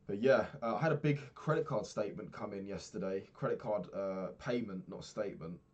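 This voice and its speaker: Low-voiced young man ranting. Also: fairly quick, darkish tone, muffled recording. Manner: rambling, swears a lot, ranting. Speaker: vlogger. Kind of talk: casual diary vlog.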